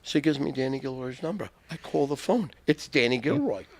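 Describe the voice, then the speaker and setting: An older man telling wild stories as a podcast guest, loud and profane and laughing often. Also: mid-range voice, expressive, a little fast, no room sound. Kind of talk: boisterous storytelling.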